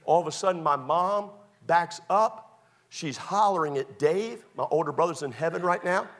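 A male pastor preaching a sermon through personal stories, swinging between loud excited bursts and hushed confessions. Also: fairly high pitch, moderate pace.

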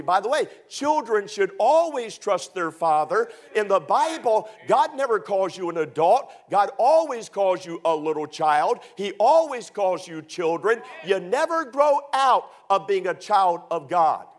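A man's voice: high voice, big pitch swings, a little slow, few pauses. A male preacher delivering a sermon in an emphatic manner, repeating his points and acting out quoted voices.

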